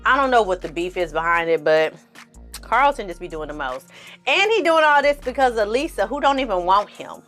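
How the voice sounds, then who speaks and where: Woman, TV reviewer, casual vlog, sassy, expressive, faint background music. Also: mid-range voice, fairly quick. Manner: sassy, expressive, acts out scenes in funny voices. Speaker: film and TV reviewer.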